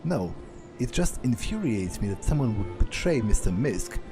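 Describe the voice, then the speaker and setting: A man's voice: mid-range voice, big pitch swings, normal speed, music in the background. A man reading a stiff, suspicious old servant. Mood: guarded. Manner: formal, suspicious. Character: stiff defensive loyal male house servant.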